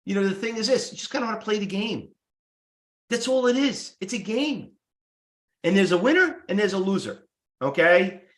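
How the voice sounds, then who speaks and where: A man's voice: high voice, animated, moderate pace, pauses often, a bit bright, roomy sound. A man teaching stock trading to a live class, blunt and salesy, firing off rhetorical questions. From United States. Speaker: trading instructor. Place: room with live students.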